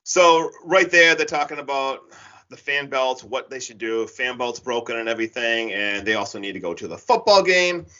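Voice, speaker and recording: A man casually retelling a horror film's plot on a podcast, rambling and animated with lots of filler words. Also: medium pitch. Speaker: podcast co-host recapping a horror film. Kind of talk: casual chat. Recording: dull lo-fi podcast audio.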